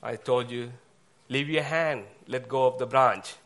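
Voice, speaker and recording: A man voicing God as a calm, patient voice giving instructions. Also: mid-range voice, unhurried. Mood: instructive.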